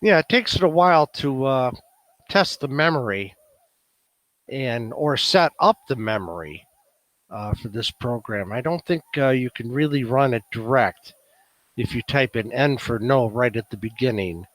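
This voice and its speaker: Chicago man demoing old software at a club meeting, relaxed and halting, mid pitch. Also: no echo. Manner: musing aloud, many "uh" fillers. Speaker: meeting presenter. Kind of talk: casual demonstration talk.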